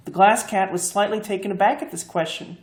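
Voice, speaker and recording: A woman reading a fantasy story aloud, expressive and lively. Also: mid-range voice, fairly quick. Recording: echoey room.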